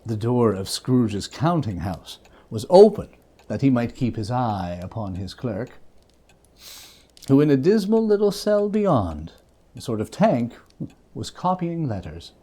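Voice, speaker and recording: A man giving a dramatic reading of a classic novel, telling it with an expressive, varied storytelling delivery. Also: mid-range voice, a little slow. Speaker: reader.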